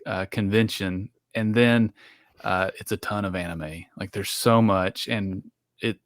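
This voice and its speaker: A man's voice: deep voice, fairly even intonation, a little slow, dry recording, studio quality. A man co-hosting a podcast in casual chat, rambling along and laughing often. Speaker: podcast co-host.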